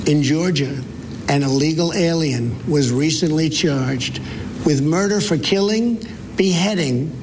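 A man delivering a formal televised address in a measured, grave manner. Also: on the high side. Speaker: politician giving an address. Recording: noisy broadcast clip.

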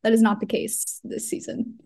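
A woman's voice: moderate pace, warm tone. A woman co-hosting a podcast in casual chat, laughing often and hesitating with many fillers. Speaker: podcast co-host.

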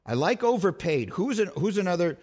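A man's voice: high-pitched, big pitch swings, a little fast, a little mellow. A man hosting a sports call-in radio show, bantering playfully and teasing in a game-show manner.

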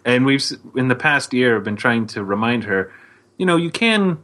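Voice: mid-range voice, lively intonation, a bit bright. A co-host on a parenting podcast, speaking casually and correcting themself often. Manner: halting, self-correcting. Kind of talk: casual chat.

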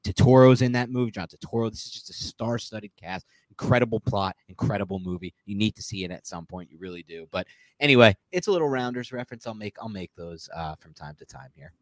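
A man co-hosting a sports podcast, talking casually in a rambling, animated way and often correcting himself mid-sentence. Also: lowish voice, fast talker, no room sound. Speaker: podcast co-host.

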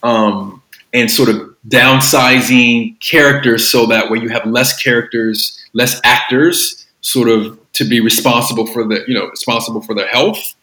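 A man's voice: mid-range voice, fairly even intonation, a little slow, pushed and bright. A man filmmaker talking casually in an interview, rambling with lots of fillers and restarts. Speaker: filmmaker guest. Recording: roomy echo.

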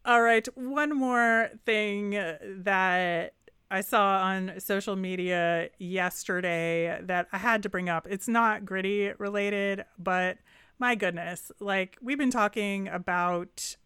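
A woman's voice: medium pitch, slow pace, fairly bright tone, smooth, no echo, studio quality. A woman co-hosting a casual sports chat, upbeat and chatty, laughing easily. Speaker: podcast co-host.

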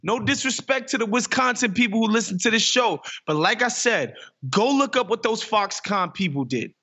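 A man's voice: sits high, expressive, normal speed, bright, forceful tone, breathy edge. A man co-hosting a podcast in casual chat, ranting with profanity and rising exclamations. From New York. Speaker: podcast co-host.

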